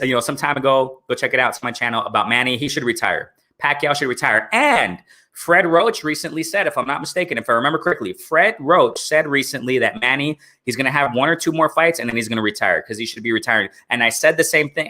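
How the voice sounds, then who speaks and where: A man's voice: medium pitch, sharp tone. A man hosting a live boxing stream in a casual way, answering chat and often asking "you know what I'm saying".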